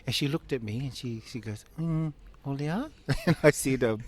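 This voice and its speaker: Speaking fairly quickly in a medium-pitched voice, a man in his fifties from a Samoan family shares an emotional story from his life in an interview. Laughter comes often, and he performs his family members' voices.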